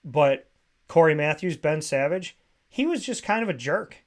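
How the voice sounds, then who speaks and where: A man hosting a radio talk show, telling stories in a casual, animated way and mimicking other voices. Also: fairly high pitch, normal speed. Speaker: radio host.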